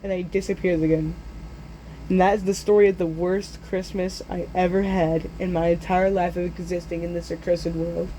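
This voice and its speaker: A teenage boy telling a story in a casual, animated way, often jumping into loud character voices. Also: sits high, moderate pace, a little hiss or hum, low-quality recording.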